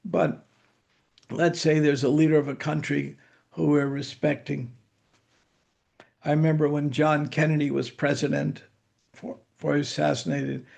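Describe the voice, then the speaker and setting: A man's voice: fairly high pitch, creaky, darkish tone. An older man giving a scripture lecture, telling anecdotes in a conversational way with dry humor. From United States. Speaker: spiritual teacher giving scripture class.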